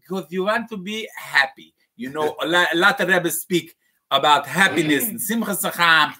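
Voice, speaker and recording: A man's voice: on the high side, normal speed, a crowd in the background, natural voice. A man playing a rambling, self-deprecating rebbe in an improvised comedy skit. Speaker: comic playing a folksy rebbe.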